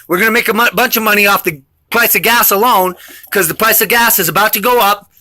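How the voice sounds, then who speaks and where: Vlogger, male, high and bright voice, defiant and rambling, intense delivery. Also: quick pace. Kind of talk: rambling monologue to camera.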